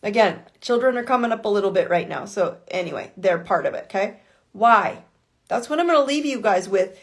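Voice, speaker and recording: A woman's voice: mid-range voice, expressive, fairly quick. Emphatic swearing woman life coach. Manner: emphatic, swearing, fires off rhetorical questions. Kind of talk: motivational talk on a live call.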